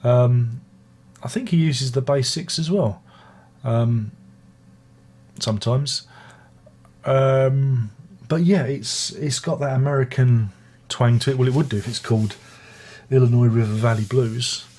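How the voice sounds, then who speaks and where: Unhurried and mellow, a medium-pitched older British man reviews an album with a casual, meandering style. As a music reviewer, he keeps restarting his sentences and slipping in chatty side remarks.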